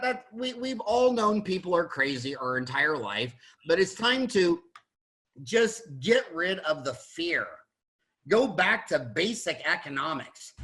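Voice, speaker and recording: A man's voice: on the high side, pushed and bright, rough recording. A middle-aged man from the USA, a dentist hosting a panel over a video call, talking in a blunt, rambling, emphatic way with many restarts. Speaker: dentist and podcast host. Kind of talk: opinionated panel discussion.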